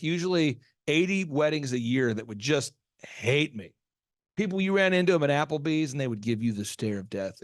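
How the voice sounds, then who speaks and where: Brief: host of a business show, a man with a higher voice that swings widely, emphatic storyteller. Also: no echo, clean studio sound. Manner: animated storytelling, emphatic asides. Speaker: podcast host. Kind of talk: business podcast talk.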